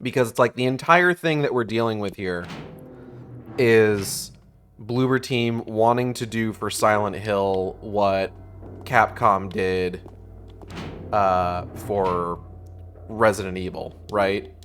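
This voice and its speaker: A laid-back man talking through a game on a live stream, his voice sitting a little low. He rambles with fillers and drops the odd curse. A faint hiss of noise runs underneath. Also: slow pace, fairly bright tone. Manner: casual, profane, thinks aloud with fillers. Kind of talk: live gameplay commentary.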